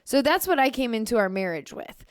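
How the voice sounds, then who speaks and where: Smooth-voiced woman telling a candid story. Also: a little high, sing-song, fairly quick, dry recording, clean studio sound. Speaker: podcast co-host. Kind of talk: casual conversation.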